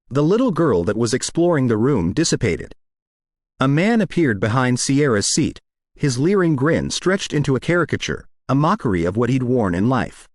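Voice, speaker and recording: A man narrating a story in an expressive reading voice. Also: medium pitch, no echo, clean studio sound. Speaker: audiobook reader.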